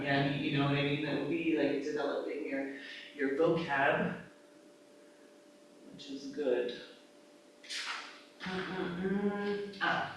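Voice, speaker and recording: Yoga trainer, female, casual and animated, heavy room echo, faint background hum. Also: low voice. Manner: casual, lively, acts out cues, laughs often. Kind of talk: live teacher-training class talk. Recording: echoey room, mic far off.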